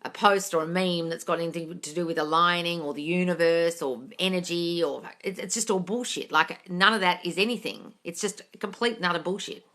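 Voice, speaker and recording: A woman's voice: on the low side, brisk, hardly any pauses, a bit bright. A woman hosting a live question-and-answer stream as a coach, blunt and emphatic, swearing freely as she answers viewers. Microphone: phone or computer mic for a live stream.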